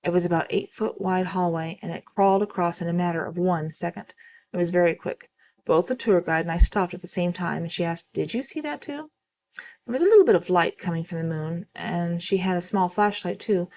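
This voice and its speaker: A woman reading online stories aloud as the host of her channel, at a steady, even pace with occasional slips. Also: lowish voice, a little fast.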